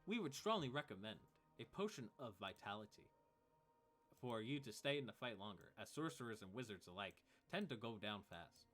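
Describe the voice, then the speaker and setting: A man's voice: fairly low pitch, big pitch swings, moderate pace, fairly bright tone, faint music behind. A man voicing a polite male robot shop assistant with a British-sounding, formal, mechanical manner.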